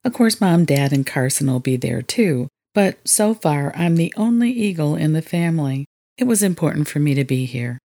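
A man's voice: on the high side, animated, moderate pace, mellow. Woman reading as a rugged young man, hesitant. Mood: eager.

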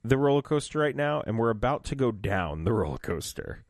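Podcast co-host: a man with a lowish voice, animated and quick to laugh, recorded dry and close. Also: dry recording. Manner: animated, laughs often, restarts sentences. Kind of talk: casual chat recapping an audio drama.

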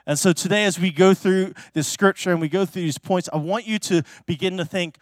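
A man's voice: sits high, a little fast, hardly any pauses, dry recording, clean studio sound. A male pastor preaching in a church in a casual, story-driven way, talking in a chatty manner full of fillers and restarts.

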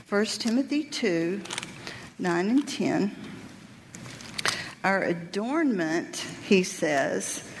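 A woman giving a women's workshop talk, sharing a personal testimony and Bible teaching in an earnest, reflective, halting way. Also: medium pitch. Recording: reverberant hall with faint noise.

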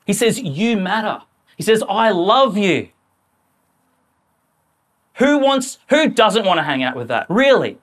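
A man preaching a sermon in a church, talking in a lively, conversational way and acting out quoted voices. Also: high-pitched, takes it slowly, pauses often.

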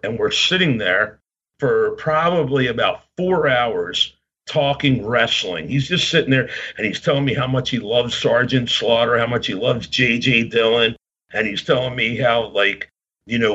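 A husky-voiced man in his fifties from Baltimore spins a rambling story in casual podcast chat. The sound is a little dull and lo-fi. His pitch sits in an ordinary middle range. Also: fairly bright tone. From Baltimore, Maryland. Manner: rambling anecdotes, acts out quoted voices.

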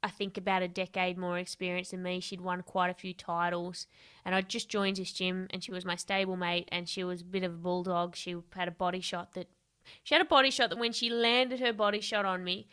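A woman's voice: lowish voice, fairly quick, clean tone. A woman, a podcast guest and coach, telling candid stories in a casual interview and swearing freely. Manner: lively, candid storyteller who swears freely and laughs often.

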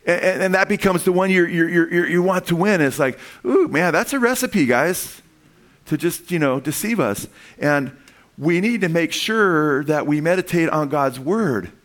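Animated male preacher with restarts. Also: a little high, moderate pace. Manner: animated and conversational, with frequent restarts and rising emphasis. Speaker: pastor. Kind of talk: sermon.

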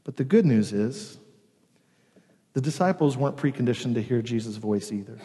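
A man preaching a sermon as pastor, earnest, with dramatic pauses and emphatic swells. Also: medium pitch, lively intonation, mellow, in a large hall.

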